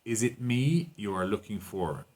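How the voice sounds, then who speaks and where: A man's voice: on the low side, animated, unhurried, a little mellow. A man teaching an online English lesson, walking learners through exercises and translating lines into Spanish.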